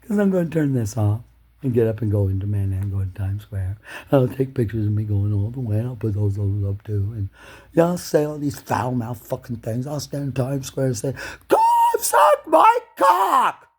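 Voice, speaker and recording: A man delivering an angry, swearing monologue to camera, ranting with loud shouted bursts. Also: fairly low pitch, a little fast, husky. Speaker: video blogger.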